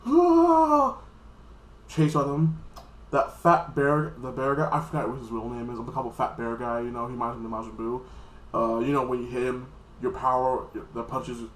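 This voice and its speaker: A man's voice: medium pitch, level tone, a bit bright, roomy sound, slight background noise. A man casually recapping an anime episode in a loose, rambling way, often acting out the characters' lines. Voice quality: acts out characters' lines in quick voices. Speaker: anime reviewer.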